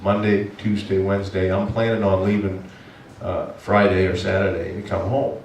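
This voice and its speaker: A man from Maine preaching a sermon as pastor, telling a hunting story in an animated way and breaking into loud exasperated shouts. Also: low voice, normal speed. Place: church sanctuary. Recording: echoey church hall, from a distance, faint noise.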